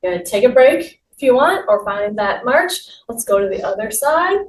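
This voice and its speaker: A woman's voice: on the high side, big pitch swings, normal speed. A woman leading a guided exercise class, giving upbeat, encouraging cues while she moves along. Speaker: fitness instructor. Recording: roomy, distant mic with faint noise.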